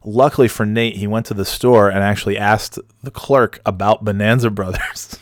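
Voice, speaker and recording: A man's voice: on the low side, steady tone, moderate pace, no echo. A man telling a casual personal anecdote, swearing freely, laughing often and restarting his sentences as he rambles. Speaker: storyteller.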